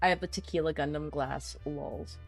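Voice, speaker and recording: A woman streamer in casual chat reading viewer comments, animated and opinionated, with lots of fillers. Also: sits low, normal speed, husky, soft background music.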